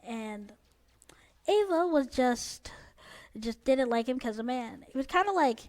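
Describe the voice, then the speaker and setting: A teenage girl with a high, bright-pitched voice tells a casual storytime tale from her school days. She rambles with plenty of filler words and sounds openly exasperated. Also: animated, measured pace, long pauses, slight background noise.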